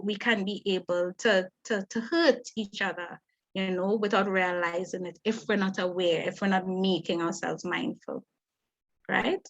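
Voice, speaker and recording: Fast-talking Trinidadian woman leading a webinar. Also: mid-range voice. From Trinidad and Tobago. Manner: lively, fast-talking and conversational. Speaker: webinar facilitator. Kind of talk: parenting talk in a webinar. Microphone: video call. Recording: dull lo-fi webinar audio.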